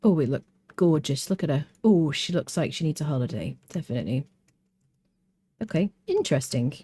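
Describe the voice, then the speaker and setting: A woman's voice: low-pitched, big pitch swings, brisk, mellow, husky. A British woman with a mixed accent and a touch of Welsh, chatting casually while streaming a game, thinking aloud, humming and answering viewer chat. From Britain.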